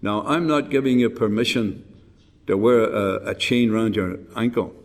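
A man's voice: lowish voice, moderate pace. An older man preaching a folksy, rambling sermon with rhetorical questions and frequent restarts. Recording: long hall reverb.

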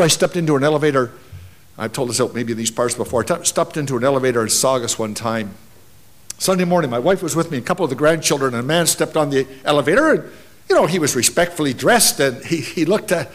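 An older man preaching a sermon at a gospel conference, emphatic, rising and dropping sharply for stress. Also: medium pitch.

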